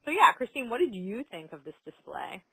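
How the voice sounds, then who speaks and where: A woman's voice: medium pitch, big pitch swings, brisk, gravelly, a bit bright, husky, rough recording. A woman co-hosting a podcast, casually recapping a TV episode and acting out the characters' lines. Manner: chatty storyteller who acts out characters' lines. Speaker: podcast co-host.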